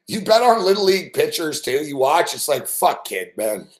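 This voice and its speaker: Profane, animated betting show host. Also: male voice, a little high. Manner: profane, animated storytelling with mock outbursts. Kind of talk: live late-night betting commentary.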